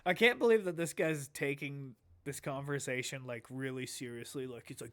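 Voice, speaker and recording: A man's voice: mid-range voice, moderate pace, few pauses, a bit bright. A man streaming a casual reaction, laid-back, swearing a lot and laughing often.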